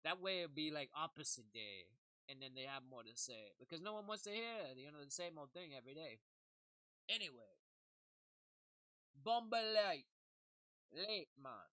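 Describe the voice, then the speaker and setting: A woman's voice: sits low, sing-song, normal speed, long pauses, bright, forceful tone, dry recording, rough recording. A woman giving a rambling comedic monologue, jokey and laughing often. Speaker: comedic commentator.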